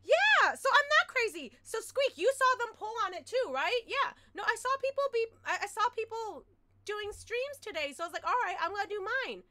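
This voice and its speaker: A woman streamer chatting casually to her viewers through a headset mic, excitable and quick to loudly exclaim and complain. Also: very high voice, a little hiss or hum. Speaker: game streamer. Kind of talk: casual live-stream chat.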